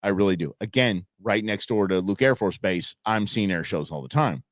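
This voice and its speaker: This livestream host has a fairly low-pitched voice and talks at a normal speed, chatting casually with viewers and laughing a lot as he reacts to their comments. The sound is clean studio audio with no echo.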